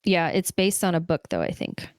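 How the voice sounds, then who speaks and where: A woman's voice: fairly low pitch, very animated, normal speed, a little mellow, clean tone. A woman co-hosting a podcast, chatting casually about a movie with lots of fillers. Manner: chatty, rambling with many fillers. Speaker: podcast co-host. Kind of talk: casual movie review chat.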